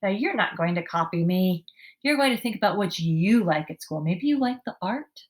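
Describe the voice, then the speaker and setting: A woman gives a writing lesson to young children, speaking slowly and clearly and sounding out each word with encouragement. Her voice is medium-pitched and animated.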